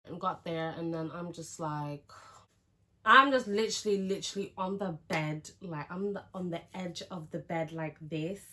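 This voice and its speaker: A woman's voice: fairly low pitch, normal speed, pushed and bright. A young woman, chatting frankly through a casual storytime, with lots of "like" and some swearing. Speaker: vlogger.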